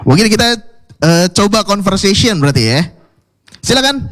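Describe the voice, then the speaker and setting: A man co-hosting an English class, chatty and quick to echo the others. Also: high-pitched, sing-song, a bit bright. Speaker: class co-host.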